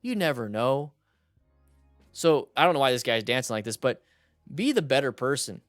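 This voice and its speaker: A young man hosting a motorcycle channel, commenting on riding videos in a casual, animated way and giving blunt advice. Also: medium pitch, normal speed, no room sound, clean studio sound, faint music behind.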